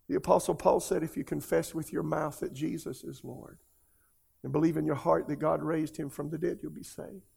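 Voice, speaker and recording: A man's voice: fairly high pitch, steady tone, moderate pace, vocal fry, dark tone, slightly rough. A man, preaching a sermon as a pastor and pleading earnestly with his listeners in an emotional altar call.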